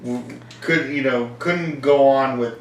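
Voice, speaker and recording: A man's voice: mid-range voice, a little slow. A young man casually chatting as a podcast host, rambling, laughing often and acting out the voices of people in his stories. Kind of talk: casual chat. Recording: echoey room from far off, faint noise.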